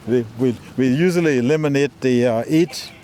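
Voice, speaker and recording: A man's voice: mid-range voice, normal speed, dark tone, slight background noise. A man with a Gullah accent from the South Carolina Sea Islands, chatting as a local guide while walking outdoors, repeating words as he goes.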